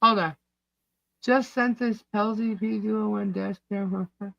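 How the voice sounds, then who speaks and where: New york guy on a livestream, bright voice, dry close sound, keeps getting lost in the chat. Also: high-pitched, steady tone, a little slow, gravelly, dry recording, lo-fi sound. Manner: scattered, talks while reading chat comments. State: hiccups. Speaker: livestream co-host. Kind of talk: casual live-stream chat.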